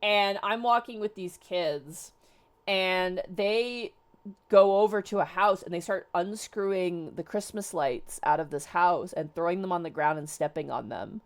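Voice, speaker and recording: In casual chat, a young woman hosting a stream tells a story in a low voice at a measured pace. She wanders off track, restarts sentences and relies heavily on filler words.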